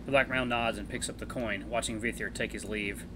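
A man hosting a let's play, reading a visual novel aloud in a chatty, animated way. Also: lowish voice, noisy background. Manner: animated, chatty, quick laughs.

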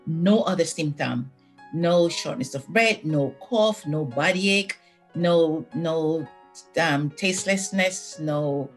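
An older woman giving a personal church testimony, telling it earnestly with frequent pauses and restarts. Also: low voice. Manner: earnest, halting retelling with many restarts.

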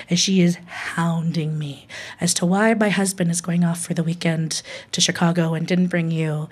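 Lively young woman telling a personal story. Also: fairly low pitch. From Hawaii. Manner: candid, laughs often, quotes people with voices.

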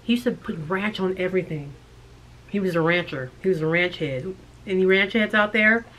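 A woman co-hosting a thrift vlog, chatting and joking with quick asides while still getting over an illness. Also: on the low side, a bit bright, a little hiss or hum. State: recovering from illness. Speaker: co-host of a thrift channel. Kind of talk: casual chat.

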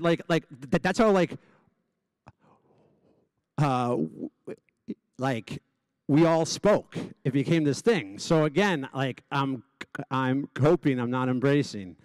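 With a lively intonation and a mid-range, slightly mellow voice, a man speaks at normal speed in a recording with no room sound. He is an honoree at a gala, giving a personal speech to a live audience while stuttering openly through repeated sounds and restarts.

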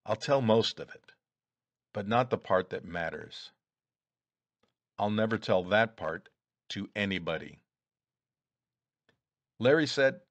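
A man narrates a first-person story in a low, steady voice. His reading is measured and deliberate. The recording is dry, with no room sound. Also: dry recording. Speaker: audiobook reader.

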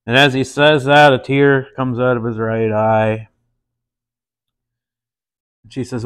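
A man's voice: mid-range voice, steady tone, a little slow, clear, resonant tone. A man hosting a casual beer-tasting show, trying a stout and telling a joke, laid-back and full of fillers and puns.

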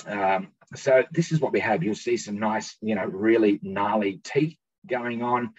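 A low, husky-voiced Australian man walks his listeners through slides in a relaxed, explanatory way, often pausing to check they are following. The sound is dull and lo-fi, like audio from a video call. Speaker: guest researcher giving a lecture. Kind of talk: slide-based science talk.

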